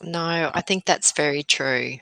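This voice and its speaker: A woman's voice: low voice, measured pace, creaky, bright, forceful tone, dry recording, low-quality recording. A woman co-hosting a casual live chat over a remote call, agreeable, with short affirming replies. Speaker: co-host of a live morning chat.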